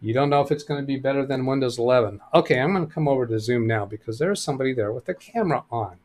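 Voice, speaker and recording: A man running a live computer help stream, talking casually as he reads viewer messages aloud and answers them, often thinking out loud. His pitch sits in an ordinary middle range. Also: racing.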